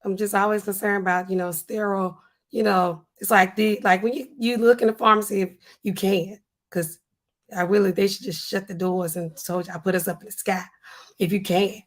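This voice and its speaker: A talkative young American woman hosting a livestream. She chats loosely and speaks straight to her viewers in a relaxed, everyday way. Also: mid-range voice, normal speed. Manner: chatty, addresses viewers directly. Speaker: livestream host. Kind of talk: casual livestream talk.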